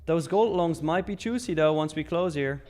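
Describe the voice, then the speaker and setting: A man's voice: on the high side, moderate pace, darkish tone. A young man hosting a live trading stream in casual chat, reading viewer questions aloud and answering them. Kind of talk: casual live market commentary.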